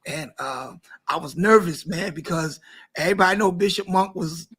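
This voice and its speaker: A man who is a pastor, hosting a casual talk show and warmly bringing guests to the stage. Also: fairly high pitch, moderate pace, husky. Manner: lively, hypes up guests. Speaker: pastor and host.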